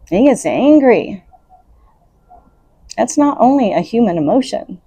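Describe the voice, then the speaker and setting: A woman's voice: sits high, very animated, moderate pace, pauses often, mellow, breathy edge, no echo. A woman hosting her own podcast, giving unscripted spiritual self-help talk in an earnest, coaching way. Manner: earnest, coaching, laughs between thoughts. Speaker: podcast host.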